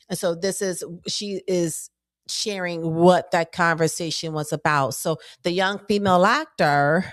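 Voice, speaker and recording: A woman's voice: lowish voice, no room sound. Woman host, explains and hedges her words, dry close mic. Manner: explanatory, hedging. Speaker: commentator host. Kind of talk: commentary on a played clip.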